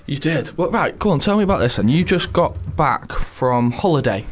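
A man's voice: fairly high pitch, sing-song, moderate pace, a little hiss or hum. A man co-hosting a casual radio chat show, dry and teasing. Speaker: radio co-host.

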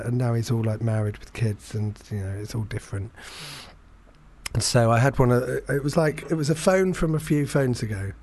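A young adult man from England telling a long, self-deprecating anecdote in casual chat, halting often with fillers and restarts. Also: medium pitch, a little mellow. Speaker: podcast guest storyteller.

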